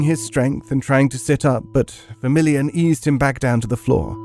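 A man's voice: mid-range voice, normal speed, hardly any pauses, darkish tone, soft background music. Theatrical male horror narrator. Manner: vivid, theatrical storytelling with heated outbursts. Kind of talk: dramatic first-person horror narration.

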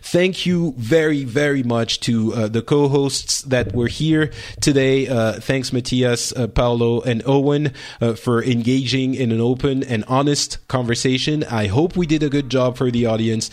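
A man with a French accent hosting a podcast panel chat, earnest and halting, with many fillers and restarts. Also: medium pitch, a little mellow. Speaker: podcast host.

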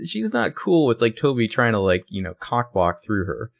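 A man co-hosting a casual recap chat, retelling scenes with lively asides. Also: medium pitch, moderate pace, vocal fry, no room sound. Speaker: podcast co-host.

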